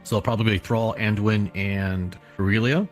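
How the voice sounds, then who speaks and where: Lower-voiced man in casual stream chat. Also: fairly even intonation, brisk, soft background music.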